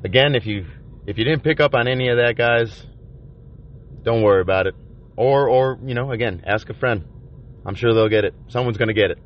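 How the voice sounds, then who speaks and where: A man vlogging from inside a van by the ocean, rambling in a profane, halting confessional monologue full of restarts. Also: medium pitch, slight background noise. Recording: dull lo-fi recording.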